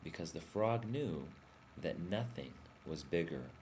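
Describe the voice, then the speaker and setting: Very deep-voiced male life coach storyteller. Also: expressive, a little slow, a little hiss or hum. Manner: warm, inviting storyteller. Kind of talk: motivational storytelling.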